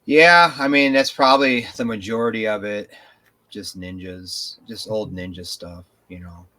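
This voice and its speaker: Bright-toned male podcast co-host, casual, rambling and profane. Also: fairly low pitch, measured pace. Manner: rambling, animated storytelling with profanity. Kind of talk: casual chat.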